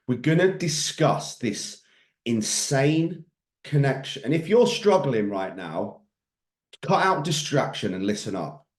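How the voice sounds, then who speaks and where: Male coach, emphatic, blunt, swears, mid pitch, echoey room. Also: darkish tone. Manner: intense, emphatic, swears freely. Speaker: fitness and mindset coach. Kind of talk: motivational group training talk.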